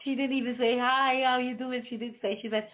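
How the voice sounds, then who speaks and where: A woman's voice: sits high, steady tone, fairly quick. Playful rambling woman over a tinny line. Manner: rambling, playful, laughing at her own jokes. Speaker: radio show host. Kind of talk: casual joking chat before a show.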